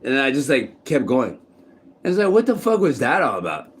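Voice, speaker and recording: A man's voice: mid-range voice, huge pitch swings, brisk. A man talking casually to the camera in a rambling, profane monologue full of restarts, recorded outdoors in a city park. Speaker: vlogger.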